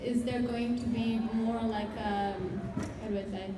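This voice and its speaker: A woman in the audience asking a panel question, hesitant and full of pauses. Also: fairly high pitch, fairly even intonation, heavy background noise. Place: large convention hall. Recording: distant, echoey hall with crowd.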